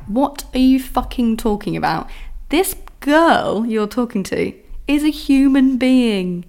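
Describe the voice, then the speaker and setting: A woman's voice: fairly high pitch, vocal fry, a little mellow. A young woman hosting her own podcast, ranting casually about dating and swearing often. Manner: exasperated, swears often, mimics men's voices. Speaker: podcast host. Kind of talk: casual solo podcast rant.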